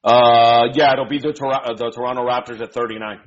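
A man's voice: medium pitch, steady tone, brisk. A man co-hosting a casual podcast, easygoing and agreeable as he weighs draft picks. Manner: easygoing, agreeable, laughs along. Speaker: podcast co-host. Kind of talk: casual draft-pick chat. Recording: dull lo-fi sound.

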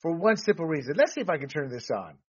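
A man hosting a political commentary podcast, talking in an animated, rambling way with restarts and laughs. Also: fairly high pitch, fast, slightly rough. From Latino background. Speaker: podcast host. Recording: dull lo-fi sound.

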